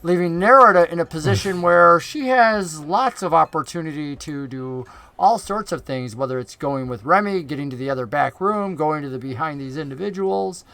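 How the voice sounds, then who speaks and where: A man's voice: fairly high pitch, moderate pace, few pauses, pushed and bright, dry recording. A man narrating a tabletop game as game master, describing the scene in an easygoing way.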